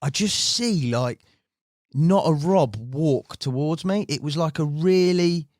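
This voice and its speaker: A man telling a story in casual podcast chat, animated and full of fillers like "mate", recorded in a podcast studio. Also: fairly high pitch, slow pace, no room sound. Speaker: team member recounting stories.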